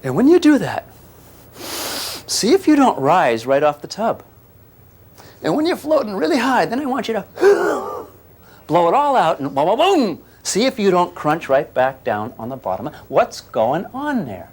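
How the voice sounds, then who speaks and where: A man's voice: high-pitched, wildly swooping pitch, measured pace, husky. An older man giving a physics lecture to a class, teasing and questioning his students as he explains. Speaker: physics teacher.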